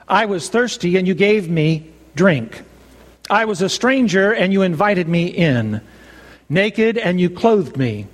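A man preaching a sermon, measured and emphatic, slowing down to stress key phrases. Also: high voice. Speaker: pastor. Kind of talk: expository sermon. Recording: long reverb of a large hall.

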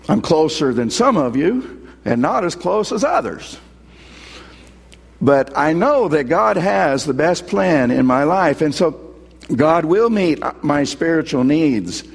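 Male pastor, earnest storytelling sermon, voice slightly high, echoing church hall. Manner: earnest storytelling preacher, quoting scripture. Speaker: pastor and hospital chaplain.

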